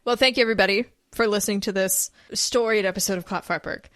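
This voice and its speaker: A woman's voice: mid-range voice, steady tone, fast talker, fairly bright tone, no echo. A woman co-hosting a comedy podcast, dropping wry jokes in casual chat. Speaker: podcast co-host.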